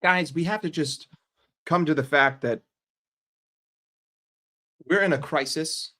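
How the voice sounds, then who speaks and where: A man's voice: fairly high pitch, slow pace, bright, forceful tone. Fired-up American man ranting. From United States. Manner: emphatic, profane, frustrated. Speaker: football fan vlogger. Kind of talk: ranting fan commentary.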